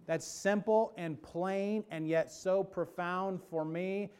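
A man delivers a sermon from the pulpit of a church, his voice sitting a little high for a man. He builds to emphatic peaks, then falls back into a soft, intimate hush. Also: fairly even intonation, slow, smooth. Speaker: pastor.

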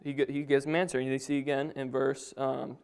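A man's voice: mid-range voice, flat delivery, fairly quick, creaky, darkish tone, smooth. A young man giving an informal Bible talk to his family, a little nervous, with casual asides and chuckles. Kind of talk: informal sermon.

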